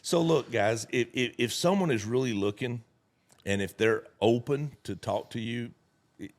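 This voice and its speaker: Folksy man telling animated stories. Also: medium pitch, normal speed. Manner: folksy, animated storyteller acting out quotes. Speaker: network marketing leader, guest speaker. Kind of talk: casual storytelling conversation.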